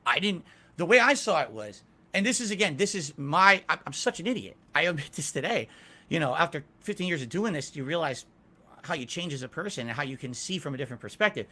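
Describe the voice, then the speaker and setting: A middle-aged man, appearing as an interview guest, answers questions candidly in a slightly high, bright, pushed voice. Very animated and quick, he speaks emphatically and is self-critical about his past.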